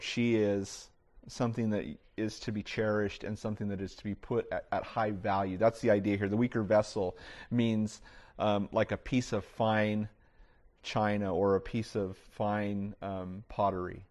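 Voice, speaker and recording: A man's voice: fairly low pitch, darkish tone. A middle-aged man preaching a sermon to his congregation. He talks casually, with many "you know" fillers and restarts. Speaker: pastor. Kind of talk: conversational sermon.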